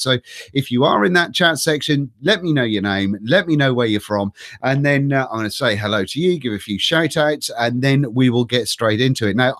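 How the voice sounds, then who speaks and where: A man's voice: mid-range voice, fairly bright tone, no room sound, studio quality. A middle-aged man with a cold, hosting a live stream and chatting casually while reading out names from chat, swearing now and then. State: has a cold. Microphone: desk microphone.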